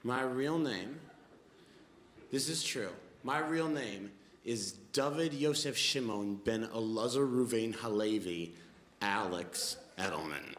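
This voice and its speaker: Man in his twenties, stand-up comedian, wry animated storytelling, live club stage, handheld mic, roomy echo, background noise. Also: medium pitch. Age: 20s.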